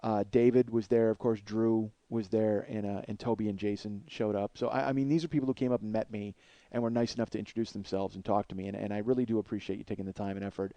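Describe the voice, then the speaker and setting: A man's voice: lowish voice, level tone, fast talker, dark tone, no echo. A man in his forties hosting a podcast, rambling in a self-deprecating, swear-heavy comedic monologue. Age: 40s. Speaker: podcast host.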